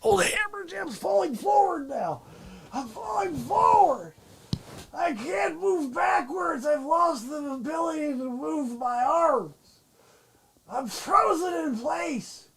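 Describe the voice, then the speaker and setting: A man voicing a sloppy drunk male newsman who keeps toppling over, shouting and lapsing into gibberish. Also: very high voice, gravelly, full character voice. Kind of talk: live-stream comedy character bit.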